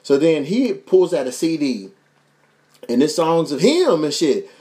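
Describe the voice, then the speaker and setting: A young man with a Kentucky accent tells a story on a podcast mic, his voice sitting a bit high. He is loose and profane and acts out the people in the story as he goes. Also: very animated, a little slow, mellow. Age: young adult. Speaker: podcast host. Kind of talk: casual storytelling.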